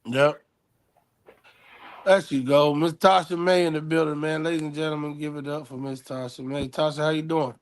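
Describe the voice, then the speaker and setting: Casual male co-host, rambling and animated, somewhat higher voice. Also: normal speed. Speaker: co-host introducing guest. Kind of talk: casual chat.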